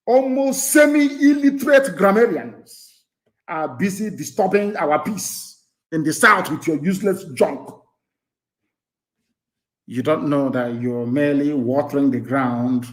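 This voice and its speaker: A man with a Nigerian accent delivers a live radio broadcast speech in a somewhat high-pitched voice. He is fiery and scornful. He jumps from loud bursts to low, muttered asides. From southeastern Nigeria. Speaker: political activist broadcaster.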